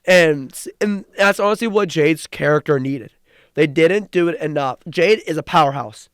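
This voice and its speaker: A young man co-hosting a podcast, recapping wrestling in an excited, rambling way with frequent restarts. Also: fairly high pitch, normal speed, clear, resonant tone, dry recording, studio quality. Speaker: podcast co-host. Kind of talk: casual chat.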